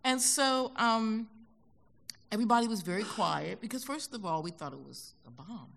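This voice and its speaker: An older American woman telling stories as a guest in an onstage conversation, animated and acting out the voices she quotes. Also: medium pitch, moderate pace, creaky. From United States. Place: concert hall stage.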